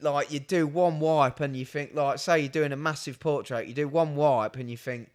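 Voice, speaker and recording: A man's voice: on the high side, moderate pace. A man, a tattoo artist co-hosting a podcast, chatting bluntly and swearing a lot as he tells stories and mimics other people. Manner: blunt, sweary, animated storytelling with mimicked voices. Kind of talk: casual banter.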